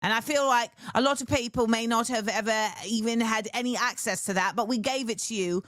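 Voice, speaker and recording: A woman's voice: fairly high pitch, fairly quick, dry recording, studio quality. A middle-aged woman hosting a talk show, chatting casually and animatedly. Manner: animated, chatty, laughs often.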